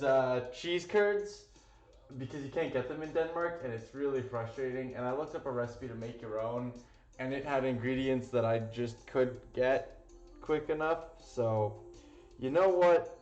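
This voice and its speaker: A man's voice: mid-range voice, a little mellow. A man hosting a live cooking stream, talking casually and rambling, with plenty of fillers and the odd swear word. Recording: roomy, dull lo-fi sound with faint music.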